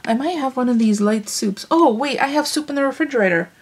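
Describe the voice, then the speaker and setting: A woman's voice: high voice, fast talker, slightly rough. A woman chatting casually in a home vlog, rambling on and cooing baby talk at her dogs. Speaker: vlogger. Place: home living room and kitchen.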